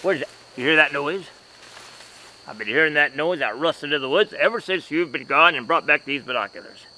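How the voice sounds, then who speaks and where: A fussy, easily flustered masked lawman, played by a man in a homemade comedy sketch. He scolds in an exasperated way, his voice slightly high, very bright and swinging all over the place. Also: lively intonation, fairly quick, a little hiss or hum, low-quality recording. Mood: worried.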